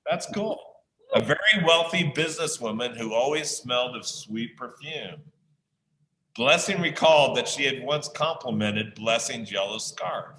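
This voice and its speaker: A male teacher reading a story aloud to an online class, pausing often to ask the listeners questions. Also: mid-range voice, lively intonation, fairly bright tone, slight background noise. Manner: slow, pausing to quiz listeners. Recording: echoey room sound.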